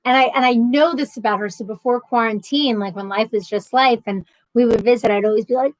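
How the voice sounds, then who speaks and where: A woman's voice: a little high, fairly quick, no room sound, poor audio. A woman in her thirties hosting a casual livestream from home, chatting and reading out viewer comments with lots of ums and restarts. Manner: chatty, rambling, frequent ums and self-corrections. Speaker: livestream host.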